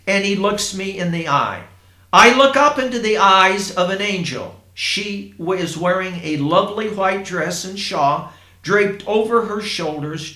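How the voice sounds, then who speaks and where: A man from Indiana telling a first-person story in a plain, unhurried way, with asides to his listeners. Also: high-pitched, bright, forceful tone. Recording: roomy echo.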